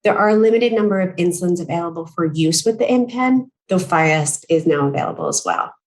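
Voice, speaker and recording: A woman nearing forty reading a prepared conference talk in a measured, careful way, now and then clearing her throat and correcting herself. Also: fairly low pitch, poor audio. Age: late 30s. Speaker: patient speaker at a medical conference.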